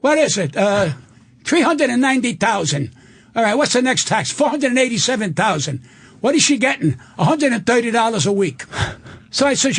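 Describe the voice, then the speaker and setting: Loud, high-pitched older man ranting. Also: very animated, vocal fry, breathy edge. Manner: loud, profane, rapid-fire storytelling with acted-out quotes. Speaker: comedian guest. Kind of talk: angry radio rant and storytelling. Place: radio studio.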